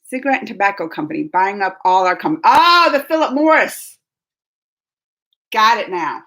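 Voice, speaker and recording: A woman's voice: mid-range voice, sing-song, moderate pace, sharp tone. A woman hosting a casual live reaction stream, reading viewer comments aloud in a chatty way and laughing often. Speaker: reaction channel host.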